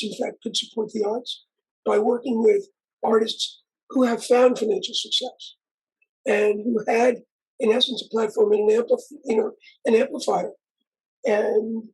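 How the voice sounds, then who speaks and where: Older male interview guest, strongly raspy voice, rambling storyteller. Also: very high voice, darkish tone, rough recording. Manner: rambling, with frequent restarts and asides. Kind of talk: conversational storytelling.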